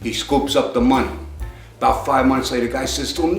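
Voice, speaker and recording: A man's voice: medium pitch, fairly quick, fairly bright tone, roomy sound, faint music behind. A man telling jokes in a rambling, conversational way, raising his voice to act out the characters. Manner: rambling storyteller, acts out characters in raised voice. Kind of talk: joke telling.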